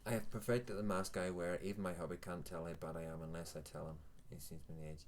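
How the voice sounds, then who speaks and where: A Northern Irish man in his forties, a vape reviewer, hosts a live chat show, rambling candidly and poking fun at himself. His voice is low and flat, he talks fast, and there's a faint hiss or hum.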